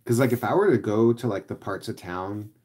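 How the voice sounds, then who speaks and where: A man's voice: lowish voice, brisk, a little mellow, slight background noise. A man who drives for ride-share, chatting casually and rambling, filling his talk with "like" as he answers viewers. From Los Angeles area. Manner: rambling, heavy use of "like". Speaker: rideshare driver vlogger.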